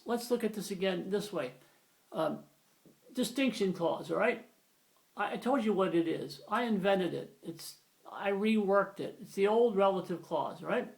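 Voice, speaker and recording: A man's voice: high-pitched, gravelly. A man giving an informal, rambling grammar lesson, often correcting himself as he explains. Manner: rambling, self-correcting, conversational. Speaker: grammar teacher.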